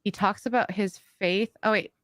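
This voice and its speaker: A woman's voice: medium pitch, steady tone, normal speed, a bit bright, no echo, studio quality. A woman co-hosting a podcast, chatting casually, reading out donation messages and laughing easily. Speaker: podcast co-host.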